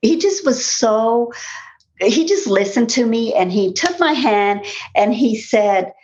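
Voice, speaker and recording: A woman's voice: fairly high pitch, animated, slow, a little mellow, a little hiss or hum. A woman in her forties telling a personal story in an interview, earnest and rambling, with many fillers and restarts. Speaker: interview guest. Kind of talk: personal testimony in conversation. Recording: dull lo-fi sound.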